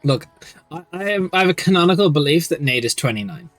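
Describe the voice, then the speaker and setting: A man's voice: on the high side, animated, quick pace, soft background music. A young man hosting a casual livestream as game master, rambling and upbeat with many restarts. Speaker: stream host and game master.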